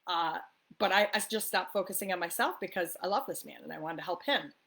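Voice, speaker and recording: A woman's voice: lowish voice, brisk, vocal fry, fairly bright tone. Upbeat chatty woman coaching to camera. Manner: upbeat and chatty, often asks "right?"; laughs often while talking. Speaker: spiritual life coach. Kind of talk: casual coffee-talk monologue to camera. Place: the East Coast of the US.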